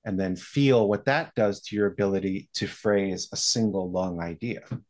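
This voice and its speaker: An American man explaining voiceover coaching in a podcast interview, telling stories in a lively way. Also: low voice, moderate pace.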